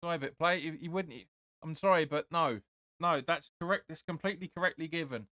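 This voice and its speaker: Opinionated fan calling a match live. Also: male voice, on the high side, fairly quick, no echo. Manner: excitable, opinionated, keeps saying "sorry, but no". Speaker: fan watch-along host. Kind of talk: live match commentary with chat reading.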